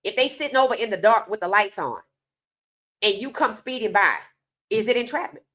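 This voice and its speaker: In an opinionated sports monologue, a woman talks casually and emphatically, throwing rhetorical questions at her viewers. She has a medium-pitched, sharp voice with lively intonation, moving a little fast.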